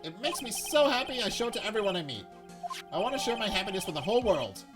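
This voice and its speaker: A man's voice: high-pitched, very animated, fast, over music, pitched above the performer's own voice. A man doing a gushing lovestruck young man. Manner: eager, gushing.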